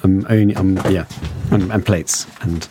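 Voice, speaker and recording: A man's voice: sits low, steady tone, a little slow, background noise. A man hosting a podcast in a studio, chatting casually with hesitant restarts and fillers. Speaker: podcast host.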